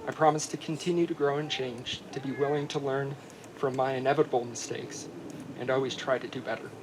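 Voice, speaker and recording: A man, the groom, reading his wedding vows in an earnest, heartfelt way, his voice softening at the tender lines. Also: mid-range voice, fairly even intonation, a little fast, background noise.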